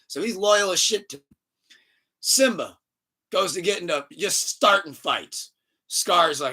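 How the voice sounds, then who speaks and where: This podcast host has a bright, forceful, slightly rough male voice pitched a bit high, speaking at a normal speed. He tells stories on a casual podcast with animated energy and profanity, laughing often.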